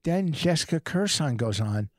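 A man's voice: on the high side, big pitch swings, moderate pace, dry recording, studio quality. A male comedian co-hosting a podcast, swearing and talking over his co-host as he insists on finishing his story. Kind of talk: argumentative podcast banter.

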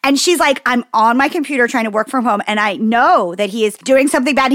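Tired mom in her 30s chatting on a podcast, swears a lot, gets animated telling stories, dry sound. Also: a little high, quick pace, few pauses, no echo. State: exhausted from lack of sleep. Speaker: podcast co-host. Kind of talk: casual chat.

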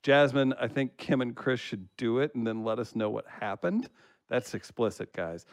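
A man's voice: medium pitch, normal speed, dry recording. A man co-hosting a podcast, reading listener comments aloud in casual banter and laughing often. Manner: laughs often while reading, relaxed joking.

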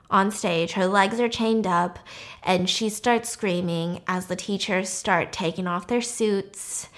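A woman casually retelling a film's plot, animated and swearing freely as she acts out the characters' lines. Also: medium pitch. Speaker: podcast host recapping a film. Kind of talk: casual storytelling recap.

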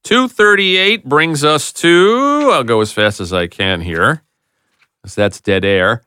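Man, podcast host, casual chat, lively intonation, bright tone. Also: mid-range voice, clear, resonant tone, dry recording, clean studio sound. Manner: quick, animated, reads names and dates. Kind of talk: casual chat, reading out TV listings.

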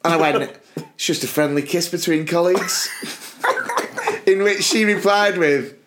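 A British man spins a long personal story on a casual podcast, laughing his way through it. His voice sits a little high for a man, and he acts out the other people in the tale. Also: measured pace, background noise. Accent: British English. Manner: laughing, animated anecdote telling. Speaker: podcast co-host.

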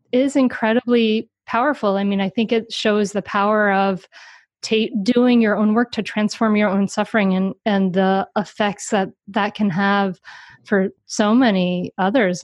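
A woman's voice: mid-range voice, no echo, highs cut off. A woman hosting a podcast, speaking in an earnest, heartfelt way. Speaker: podcast host. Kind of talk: podcast interview and outro.

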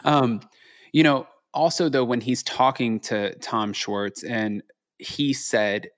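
A man's voice: medium pitch, fairly even intonation, takes it slowly, fairly bright tone. A man guesting on a podcast, talking bluntly and animatedly as he retells conversations. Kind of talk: casual chat.

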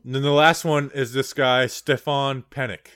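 A man's voice: medium pitch, fairly even intonation, normal speed, a bit bright, clean tone, dry recording, studio quality. A man co-hosting a sports podcast in casual chat, rambling and digressive, with lots of "like". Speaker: podcast co-host.

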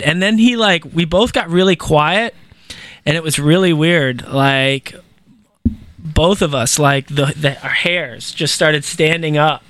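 A young man telling a story in a casual conversation, animated and slangy, with lots of swearing and fillers. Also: sits high, smooth, no room sound.

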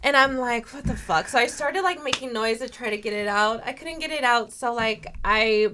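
A woman's voice: a little high, moderate pace, background noise. A woman co-hosting a podcast, telling a comic story in casual chat with lots of swearing. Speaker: podcast co-host.

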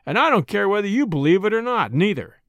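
A bitter, hopeless burglar just out of prison, voiced by a man reading the story. He talks hoarsely and doggedly, with fierce outbursts and a lively, swinging pitch. The sound is close and dry. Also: quick pace, dry recording, exaggerated voice. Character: desperate bitter ex-convict burglar, middle-aged man.

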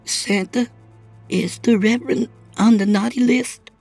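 A man's voice: sits high, fairly even intonation, a little slow, a little mellow, no echo, faint music behind, pitched above the performer's own voice. A man voicing a frightened little boy in a storybook reading, with a small pleading voice. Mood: curious. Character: scared little boy in doctor costume.

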